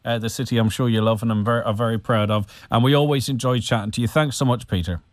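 A man hosting a radio interview, easygoing and halting, with many fillers. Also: mid-range voice, fairly even intonation, no room sound. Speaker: radio host. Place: radio studio.

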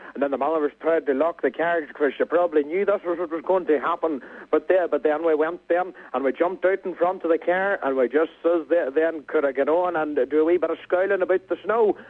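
An eighteen-year-old Donegal man rambling through a radio interview, full of restarts and local turns of phrase. His voice sits high. It comes down a tinny, narrow phone line. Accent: Donegal Irish. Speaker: caller, interview guest.

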